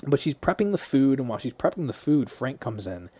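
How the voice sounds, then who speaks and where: Man, podcast co-host, casual movie recap, warm mellow tone, dry close sound, swears freely. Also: mid-range voice, very animated, brisk, husky, no room sound. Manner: loose, profane storytelling.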